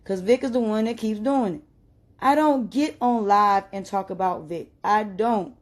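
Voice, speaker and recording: A woman, ranting emphatically on a live stream and growing loud and agitated. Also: medium pitch, unhurried. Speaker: livestreamer. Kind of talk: heated live-stream rant.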